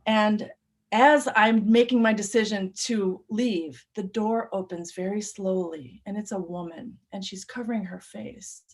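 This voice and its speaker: Animated woman telling a true story. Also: medium pitch, unhurried. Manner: animated, swings between loud urgency and hushed tones. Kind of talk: live personal storytelling.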